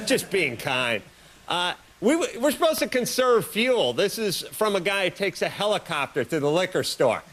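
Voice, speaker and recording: Brief: male talk-show host, higher voice, dry sarcastic comic rambles. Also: unhurried, a little hiss or hum. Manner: sarcastic, rambling, deadpan jokes. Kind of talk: comic monologue.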